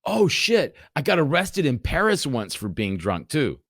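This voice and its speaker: A man's voice: medium pitch, normal speed, dry recording, clean studio sound. A man in his forties, a podcast guest, telling rambling, profane stories in a casual way. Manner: profane, rambling, animated retelling. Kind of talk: casual storytelling.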